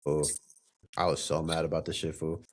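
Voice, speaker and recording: A young man co-hosting a podcast, telling an animated story with plenty of swearing and slang. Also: rumbling low, moderate pace. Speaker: podcast co-host. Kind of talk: casual chat.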